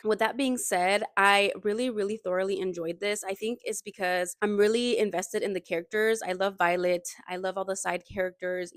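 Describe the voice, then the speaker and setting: A young woman giving a chatty, gushing book update as a vlogger, emphatic and excited. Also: mid-range voice, no echo, clean studio sound. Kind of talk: casual reading update.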